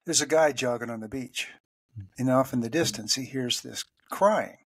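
A man co-hosting a podcast with a slightly husky, mid-pitched voice, recorded dry and close. He tells a joke in an unhurried, chatty way and lifts his voice for the characters' lines. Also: dry recording. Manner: tells jokes at an easy pace, pitching up for quoted lines. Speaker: podcast co-host. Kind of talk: casual joke-telling chat.

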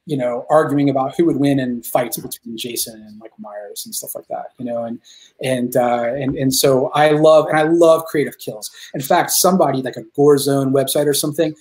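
A man talking as a guest filmmaker in a casual interview, excited and rambling, swearing freely as he tells stories. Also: mid-range voice, moderate pace.

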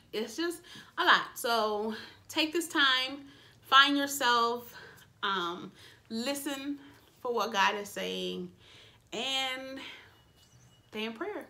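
A woman vlogging casually from her bedroom, gushing excitedly over a makeup unboxing and calling her viewers y'all. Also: medium pitch. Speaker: beauty vlogger.

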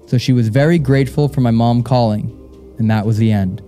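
A man's voice: medium pitch, brisk, warm tone, soft background music. A young man co-hosting a live show, chatting loosely, repeating words, laughing often, then reading a story aloud. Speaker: co-host of a live paranormal show. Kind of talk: casual live stage chat and reading aloud. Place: live show in a castle venue.

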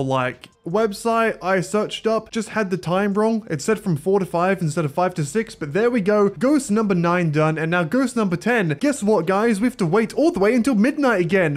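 A man talking through a video game in loose, casual commentary. His voice sits fairly high for a man, and he keeps up a dry, sarcastic, self-mocking tone with plenty of swearing. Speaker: gaming YouTuber.

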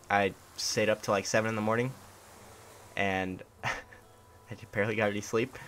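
Young male streamer, low-pitched, tired and sarcastic, noisy home recording. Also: fairly even intonation, moderate pace, pauses often, fairly bright tone. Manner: sarcastic, grumbling mock indifference. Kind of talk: casual live-stream gameplay commentary. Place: hot room at home.

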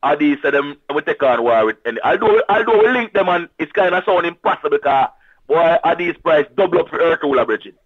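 A man with a Jamaican accent, boasting in lively patois as a sound system guest in casual radio chat. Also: fairly high pitch, brisk, breathy edge, no echo. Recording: tinny phone-line audio.

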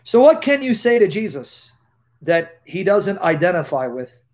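A man preaching on a live stream, emphatic, with rhetorical questions, swinging from loud declarations to hushed tones. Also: high voice, sing-song, a little slow.

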